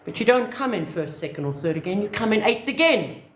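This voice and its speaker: A woman, an online business coach giving an animated motivational talk that acts out little scenes. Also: medium pitch, brisk, roomy sound. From South Africa.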